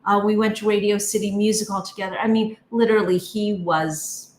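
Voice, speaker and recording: A woman talks as a guest, going over fond memories in a warm, easy way. The recording has a roomy echo and a faint layer of background noise. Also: medium pitch, fairly even intonation, fairly quick. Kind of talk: casual chat. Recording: echoey room.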